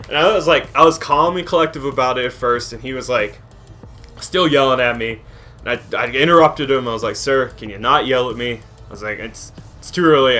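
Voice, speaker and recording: A young man co-hosting a podcast, telling a work story in a casual, animated way, laughing often, swearing, and acting out both sides of an argument. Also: mid-range voice. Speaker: podcast co-host. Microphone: podcast microphone.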